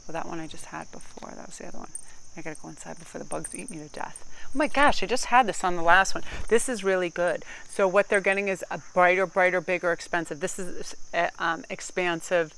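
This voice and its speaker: A woman's voice: on the low side, fast, vocal fry, fairly bright tone, poor audio. A woman giving a casual tarot card reading, talking in a chatty, rambling, candid way with some casual swearing.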